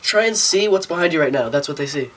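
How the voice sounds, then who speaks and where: Fast, matter-of-fact young man. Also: fairly high pitch, expressive, fairly bright tone, slight background noise. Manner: explaining, matter-of-fact, profane. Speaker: podcast co-host. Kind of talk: casual chat.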